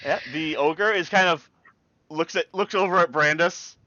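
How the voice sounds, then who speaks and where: A man's voice: fairly high pitch, normal speed, pushed and bright, dry recording, dull audio. A man narrating as game master, plainly explaining the rules and enemy moves.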